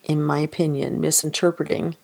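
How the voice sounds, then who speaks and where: A woman's voice: deep voice, a little fast, creaky, no room sound. Woman animatedly retelling a book. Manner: animated retelling, reads passages aloud. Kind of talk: casual book discussion.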